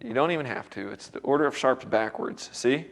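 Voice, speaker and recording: A man's voice: medium pitch, expressive, brisk. A man with a strained, recovering voice, teaching music theory to a seminar class in a casual, chatty way and quizzing the students.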